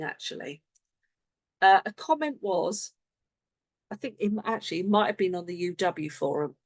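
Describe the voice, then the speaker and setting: Brief: woman, sales coach on a video call, lively up-and-down delivery, close dry sound. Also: medium pitch, no room sound. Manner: animated, acts out sample conversations. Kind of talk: online team coaching session.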